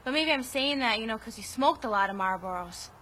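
Guy putting on a sing-song minnesota girl, way up high and bright. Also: animated, fairly quick, a little hiss or hum. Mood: chatty. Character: chatty small-town young woman witness.

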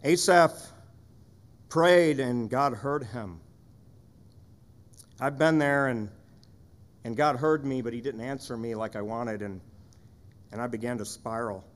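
A man's voice: mid-range voice, slow, pauses often. A man serving as pastor, delivering a sermon in an earnest, conversational way with frequent rhetorical questions.

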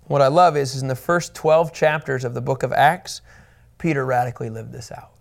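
Earnest pastor with a gravelly voice. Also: male voice, medium pitch, fairly even intonation, brisk. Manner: earnest and emphatic, repeats key points. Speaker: pastor teaching a Bible series. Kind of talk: Bible teaching.

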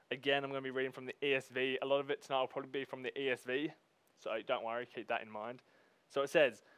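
A man preaching a sermon. He reads scripture slowly, then talks to the congregation in a casual, emphatic way. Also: mid-range voice, fairly bright tone, clean tone, no room sound.

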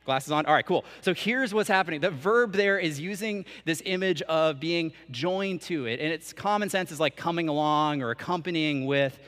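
Young man, sermon, conversational preaching, higher voice, echoing church hall. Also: moderate pace, few pauses, fairly bright tone. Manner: conversational preaching with casual asides. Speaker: canon for student ministry, preacher. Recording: long reverb of a church hall.

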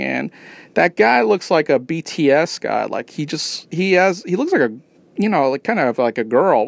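A man's voice: fairly high pitch, creaky, no room sound. A man hosting a podcast, talking in a casual, rambling monologue full of fillers, restarts and swearing. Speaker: podcast host.

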